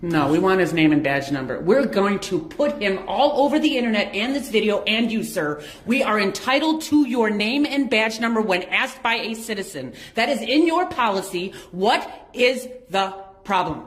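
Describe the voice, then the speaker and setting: A woman's voice: medium pitch, animated, normal speed, hardly any pauses, roomy sound. A woman insistently and indignantly demanding an officer's name. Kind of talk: heated argument at a police counter.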